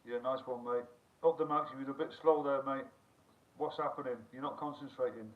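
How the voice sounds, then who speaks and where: A man's voice: mid-range voice, fairly even intonation, brisk. A middle-aged man hosts a loose, rambling live stream, reading out comments and swearing freely. His voice comes through thin and phone-like. He sounds set back from the microphone. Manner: rambling, chatty, swears freely, reads chat aloud. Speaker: livestream host. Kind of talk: casual live-stream chat. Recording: tinny phone-like sound, distant from the mic.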